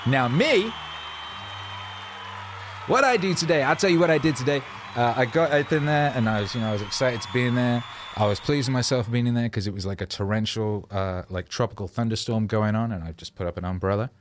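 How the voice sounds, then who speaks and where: A man's voice: medium pitch, fairly quick, a crowd in the background, noisy background. A man, a rapper, telling rambling, self-mocking stories in a casual monologue, loose with fillers and swearing.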